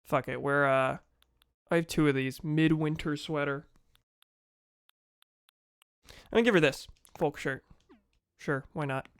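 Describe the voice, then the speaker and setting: A man's voice: a little high, unhurried, long pauses, smooth, no echo, clean studio sound. A young man with a sore throat, casually joking and swearing while streaming a game. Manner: joking, swears, reads game dialogue aloud. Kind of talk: casual gaming commentary.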